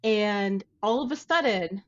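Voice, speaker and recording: A woman artist from Ohio telling a story in a casual interview, chatty and animated. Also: mid-range voice, unhurried, lo-fi sound. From Dayton, Ohio. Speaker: artist guest.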